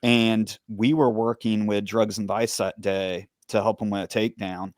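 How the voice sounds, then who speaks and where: A man hosting a true-crime podcast interview, asking steady questions and recounting his side of events. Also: lowish voice, dry recording, studio quality. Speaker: podcast host, former police officer. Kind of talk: conversational interview.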